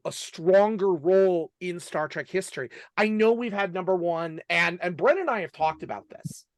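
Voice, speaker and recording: A man co-hosting a podcast, passionate and animated, often stumbling over his words in casual chat. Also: high voice, no room sound, clean studio sound. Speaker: podcast co-host.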